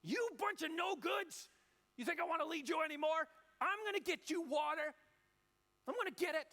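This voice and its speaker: A man acting out a hot-tempered, exasperated old male prophet who shouts in a high, strained voice. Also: expressive, moderate pace. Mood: furious.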